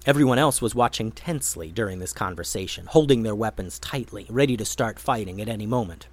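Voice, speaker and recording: A man narrating a children's adventure story in an expressive, animated reading voice. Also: fairly low pitch, fast talker, few pauses, no room sound.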